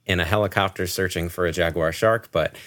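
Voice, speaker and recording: A man's voice: deep voice, fairly even intonation, a little fast, a bit bright. A man co-hosting a podcast in casual chat, sharing film trivia in long winding stretches. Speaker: podcast co-host.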